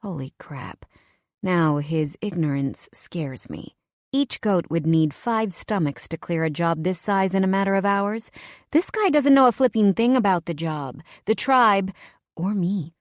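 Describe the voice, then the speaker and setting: Casting: woman narrator, low-pitched, wry first-person romance read, close dry studio sound. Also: a little slow, no echo. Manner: wry, conversational, expressive. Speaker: audiobook narrator.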